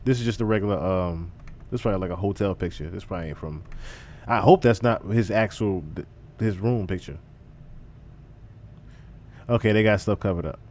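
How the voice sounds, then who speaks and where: A man giving casual livestream commentary in an animated, profane way, often repeating himself. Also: deep voice, fairly quick, pauses often.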